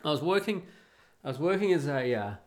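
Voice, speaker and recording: A man's voice: on the high side, big pitch swings, a little fast. An Australian man hosting a podcast from home, telling a story in a blunt, crude and rambling way with lots of restarts. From Perth, Australia. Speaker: podcast host. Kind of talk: casual storytelling monologue.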